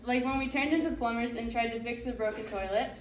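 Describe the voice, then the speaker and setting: A woman's voice: a little high, fast talker, noisy background. A teenage girl reading a farewell tribute speech, giggly and often breaking into laughter. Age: late teens. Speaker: student athlete giving a tribute. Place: large echoey hall. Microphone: distant microphone. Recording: echoey hall, distant mic, loud music.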